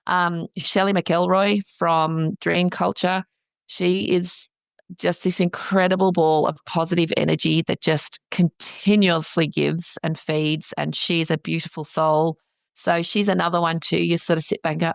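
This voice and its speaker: A middle-aged woman with a low, gravelly voice talks as a guest in a casual interview. She is animated and often acts out what she was thinking. The sound is close and dry. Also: no echo. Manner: animated, acts out her own past thoughts in quick asides. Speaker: counsellor and business founder, podcast guest.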